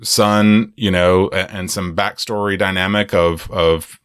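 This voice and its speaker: A man co-hosting a casual film-review podcast, rambling and animated, laughing often. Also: deep voice, unhurried, clean tone, no room sound, studio quality. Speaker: podcast co-host.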